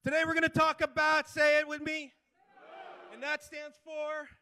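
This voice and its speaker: A man presents at a conference in a very high, bright voice. He rallies the crowd with chanted call-and-response and fires off quick asides. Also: monotone. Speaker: playa restoration manager giving a conference talk. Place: conference hall before a live audience.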